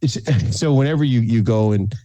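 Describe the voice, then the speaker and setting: A man's voice: medium pitch, moderate pace, dark tone, no room sound. A man from San Antonio, Texas, telling stories as a podcast guest. He acts out the people he quotes and laughs often. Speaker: guest, food content creator. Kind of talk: casual storytelling in a podcast interview.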